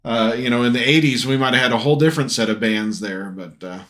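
A man's voice: mid-range voice, fast talker, noisy background. A middle-aged man co-hosting a casual podcast with his son, rambling with many fillers and restarts. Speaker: podcast co-host, father. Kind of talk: casual chat.

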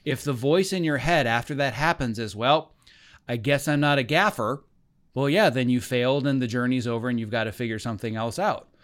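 Man, podcast guest, earnest, emphatic, coaching tone, mid pitch. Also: brisk, few pauses. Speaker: guest, film editor and coach. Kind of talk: podcast conversation.

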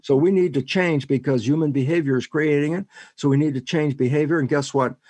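Husky-voiced older man explaining animatedly. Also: fairly high pitch, fairly quick, no room sound. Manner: animated storyteller, acts out both sides of dialogues. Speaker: guest scientist and author. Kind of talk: explanatory interview talk.

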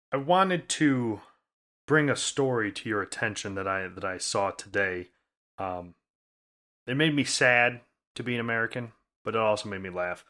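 Low, bright-voiced male podcast co-host. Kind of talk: casual chat.

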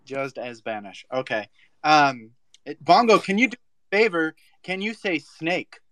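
A man's voice: a little high, very animated, unhurried, sharp tone, no echo. A man on a casual voice chat, explaining points at length and teasing others with sarcasm.

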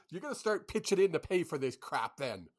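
A man's voice: a little high, very animated, moderate pace. A man co-hosting a casual hockey podcast, swearing and laughing through the banter. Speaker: podcast co-host.

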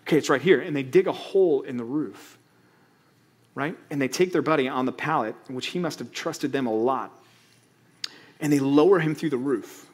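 A man preaching a sermon as pastor, reading scripture slowly and swinging between loud emphatic lines and quiet asides. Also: medium pitch, breathy edge. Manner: reads scripture slowly, stretching key words.

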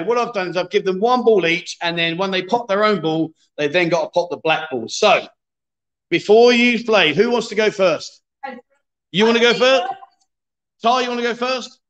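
Male livestream host, middle-aged, high bright voice, jokey and chatty. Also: dull audio. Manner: chatty, joking, reads viewer comments aloud. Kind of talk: casual livestream chat.

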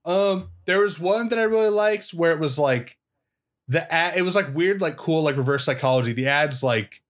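A young man with a fairly high voice co-hosts a casual podcast. He rambles from one story to the next, laughs a lot, and swears freely. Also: moderate pace. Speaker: podcast co-host. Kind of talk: casual chat.

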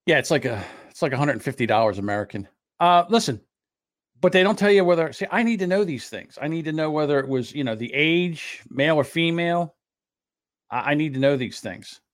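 A man's voice: fairly high pitch, animated, brisk. A man co-hosting a live talk show, tossing out wry, sarcastic quips. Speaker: podcast co-host. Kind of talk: casual live-stream chat.

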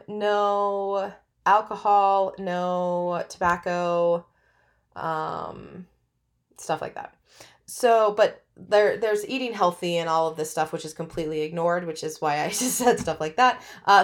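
A woman's voice: mid-range voice, fairly bright tone. A middle-aged woman hosting a podcast, telling a personal story in an earnest, reflective way, often restarting her sentences. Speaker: podcast host.

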